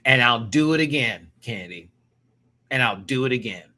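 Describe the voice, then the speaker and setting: A man from the American South with a Southern accent, hosting a casual reaction review and talking in an animated, slangy way that is full of swearing. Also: medium pitch, moderate pace. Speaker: reaction show host.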